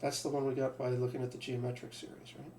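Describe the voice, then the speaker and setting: Fast and gravelly, with a slightly high pitch and little variation, a man lectures on math. He thinks aloud, keeps restarting sentences, and throws rhetorical questions at the class. The audio comes from a distant mic in an echoey room, with a faint hum.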